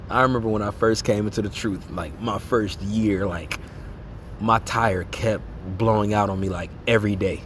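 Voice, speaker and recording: Guy preaching casual style, kinda low voice, keeps saying man and okay, laughs a lot. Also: a little hiss or hum. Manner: laughs and acts out reactions. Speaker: lay preacher. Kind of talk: informal religious exhortation.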